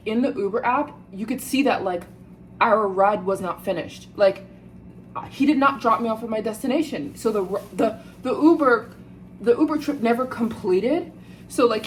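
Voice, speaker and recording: A woman's voice: a little high, a little hiss or hum, poor audio. Indignant American woman vlogger. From United States. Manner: animated, indignant, addresses viewers as "you guys". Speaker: travel vlogger. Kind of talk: casual storytelling to camera.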